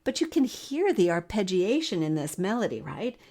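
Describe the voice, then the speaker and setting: A middle-aged woman from the Philadelphia area teaches harp on a podcast music lesson. Her mid-range voice is sing-song and a little mellow at normal speed, and she explains things in a friendly way, singing out the rhythms.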